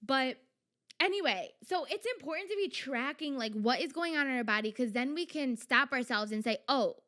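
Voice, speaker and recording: A young woman talks through her own podcast in a loose, chatty way, full of fillers and little acted-out thoughts. Her voice sits a touch high and comes across smooth and clear. She sounds like she is confiding in her listeners. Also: moderate pace. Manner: chatty, animated, frequent "like" fillers and self-quotes. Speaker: podcast host. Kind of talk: casual solo podcast talk.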